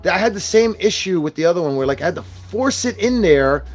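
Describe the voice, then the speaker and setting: A man's voice: sits high, expressive, fairly quick, soft background music. A young man ranting casually as he unboxes and reviews collectible figures, swearing often and venting his frustration. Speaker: toy reviewer.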